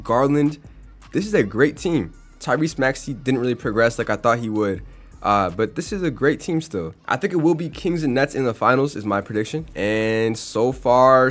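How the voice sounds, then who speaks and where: A young man casually commenting on a basketball video game simulation, chatty and reacting as results come in. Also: medium pitch. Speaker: gaming YouTuber.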